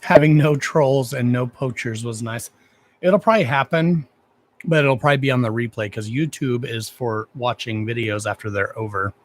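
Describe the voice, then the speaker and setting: A man's voice: mid-range voice, normal speed. A man hosting a casual livestream, talking to his viewers bluntly and with lots of swearing while gushing over them. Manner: blunt, profane, affectionate toward viewers. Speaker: livestream host.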